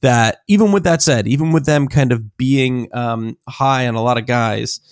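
A man's voice: medium pitch, moderate pace, smooth, no echo, studio quality. A man co-hosting a casual podcast, rambling with many fillers and laughing easily. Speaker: podcast co-host.

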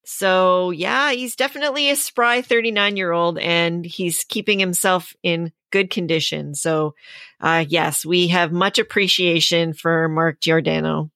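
A woman co-hosting a podcast in casual sports chat, measured and agreeable, with many fillers. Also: fairly low pitch, pushed and bright, dry recording. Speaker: podcast co-host.

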